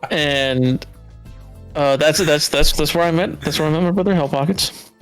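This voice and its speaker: Man, from Southern California, podcast guest, casual animated storytelling, swears a lot, raised voice for quotes, faint music behind. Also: on the high side, moderate pace, smooth.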